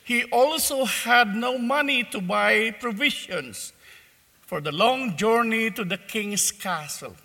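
In a large church with a long reverb, a male preacher's high, strikingly bright voice carries a parable to his congregation as part of a sermon. His delivery is very slow, measured, and deliberate.

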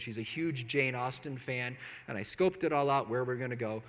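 A man's voice: medium pitch, fairly quick, few pauses, fairly bright tone, long reverb tail. A man giving a talk and telling a self-mocking story about his marriage, laughing at his own jokes.

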